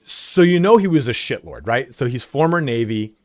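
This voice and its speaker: A man's voice: mid-range voice, sing-song, moderate pace, no echo, faint music behind. A young man streaming from home, chatting casually and telling rambling stories with lots of swearing and filler words. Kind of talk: casual livestream chat.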